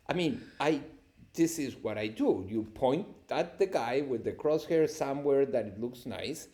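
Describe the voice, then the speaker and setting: A man, a cinematographer guest on a podcast, telling lively anecdotes with frequent laughter. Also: fairly high pitch. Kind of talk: storytelling interview answers.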